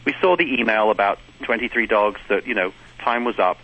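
A man's voice: on the low side, fairly quick, breathy edge, highs cut off. A man with an English accent, a guest calling in to a radio show, chatting in a self-deprecating way and stumbling over repeated words. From England. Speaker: phone-in guest. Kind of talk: casual radio chat. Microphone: telephone.

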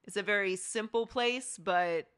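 A woman's voice: mid-range voice, unhurried, fairly bright tone, clean tone. A woman from Pittsburgh, a sports TV host, talking candidly as an interview guest with casual swearing. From Pittsburgh, USA.

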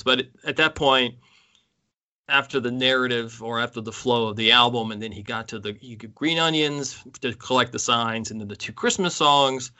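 A man's voice: medium pitch, bright, forceful tone, lo-fi sound. A man co-hosting a podcast, chatting casually and enthusiastically about concert tours, often restarting his sentences. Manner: enthusiastic, halting with restarts and laughs. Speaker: podcast co-host.

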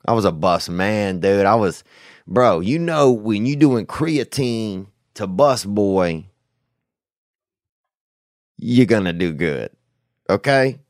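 Male podcast host, low and dry, loose profane storyteller. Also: expressive, slow, pauses often, dry recording. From United States. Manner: rambling, profane, slangy storytelling with sudden loud bursts.

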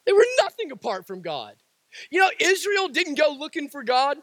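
Guy preaching, really high voice that jumps all over, says stuff twice, dry close mic. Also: big pitch swings, normal speed, no room sound. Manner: repeats lines for emphasis, rises to shouts. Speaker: pastor. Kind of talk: sermon.

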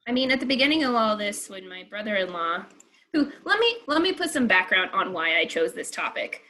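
Woman, podcast co-host, mid-pitched, loose and animated, drops profanity, lots of "like" and "um". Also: brisk. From United States. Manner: chatty and animated, swears freely, many fillers. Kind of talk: casual chat.

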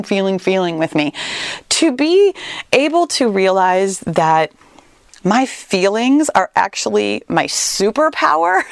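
A woman giving an earnest motivational talk to her listeners, stressing key words and stretching them out for emphasis. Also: no room sound. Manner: earnest and emphatic, with animated pitch leaps and drawn-out stressed words.

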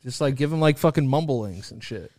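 A man's voice: mid-range voice, expressive, brisk, mellow, dry recording. A man from New York co-hosting a podcast, trading jokey, profane banter in casual chat. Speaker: podcast co-host.

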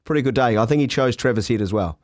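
A man hosting a cricket podcast in casual, animated, self-mocking chat. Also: mid-range voice, fast, no room sound, clean studio sound.

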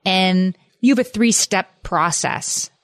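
A woman's voice: medium pitch, slow pace, dry recording, clean studio sound. A woman hosting a conversation, affirming and summarizing her guest's points. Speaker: podcast host. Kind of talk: casual interview talk.

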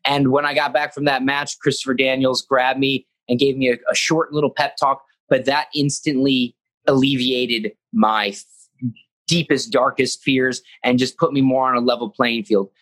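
A man's voice: mid-range voice, fairly even intonation, moderate pace, fairly bright tone. A young man, a professional wrestler, talking earnestly in an interview, rambling with restarts and acting out what he said. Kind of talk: casual interview talk.

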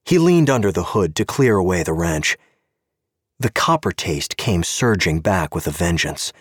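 A man narrating a scripted audio story in a wry, expressive way, recorded on a close studio microphone. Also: deep voice, moderate pace, husky, no echo.

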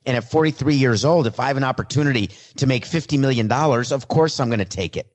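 A man stages a mock press conference as a famous quarterback in his forties who speaks with total bluntness, but he doesn't imitate anyone, sticking to his own plain voice. He talks fast in a conversational, middle-pitched male voice that stays close to how he normally sounds.

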